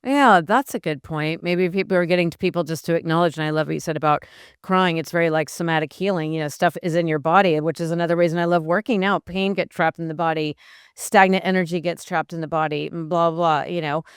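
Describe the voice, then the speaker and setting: A woman hosting an interview, chatty with animated asides. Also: lowish voice, quick pace, clean tone, dry recording, studio quality. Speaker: host. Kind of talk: interview conversation.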